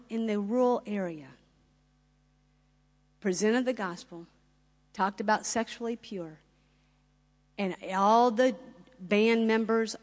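Fervent woman preaching in a hall. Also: mid-range voice. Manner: fervent, builds to loud rising climaxes, acts out dialogue. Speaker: ministry founder and speaker. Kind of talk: sermon-style testimony to an audience. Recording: long hall reverb.

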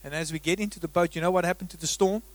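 A man with a high voice preaches a sermon, rising to loud emphasis and then dropping to a near hush. His sound is dry and close, with no room around it. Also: fairly even intonation, racing, no room sound. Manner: dramatic swings between loud emphasis and hushed delivery. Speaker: pastor.

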